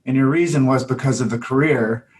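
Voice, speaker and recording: A man hosting a podcast talks in a mid-pitched voice. His chat is casual and emphatic. He often fills his sentences with "like" and "you know". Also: brisk, a little mellow, far from the mic. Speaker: podcast host.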